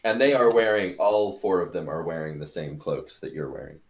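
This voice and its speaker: A man's voice: low-pitched, expressive, normal speed. A man narrating a tabletop game as game master in a casual, loose way. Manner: casual, filler-heavy narration.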